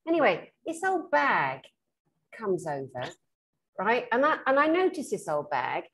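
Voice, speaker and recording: A British woman, a spiritual therapist, telling stories in a frank, lively, casual chat. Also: fairly high pitch, measured pace. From Britain. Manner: animated storyteller who acts out the people she quotes; frank and blunt, laughs through her stories.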